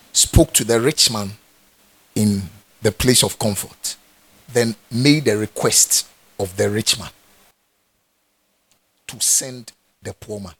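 A man's voice: on the low side, a bit bright, husky. A man with a Ghanaian accent, a pastor preaching a sermon with emphatic repetition. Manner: emphatic, repeats phrases for stress.

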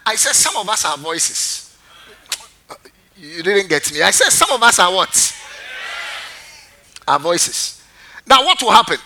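A man's voice: high voice, very animated, slow, long pauses, pushed and bright, slight background noise. A man preaching a sermon as pastor, quizzing his congregation and repeating phrases for emphasis. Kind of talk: sermon with call-and-response.

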